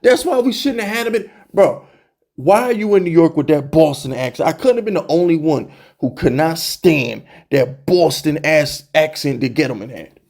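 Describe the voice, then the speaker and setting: A young man hosting a sports fan channel, ranting to camera in an exasperated, animated way, full of rhetorical questions and repeated jabs. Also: fairly high pitch, moderate pace, creaky. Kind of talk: heated fan rant to camera.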